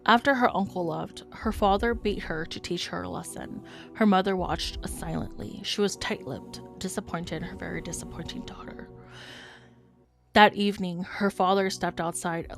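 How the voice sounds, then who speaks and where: Female podcast host, earnest measured storyteller, low register with fry. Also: soft background music. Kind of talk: storytelling narration.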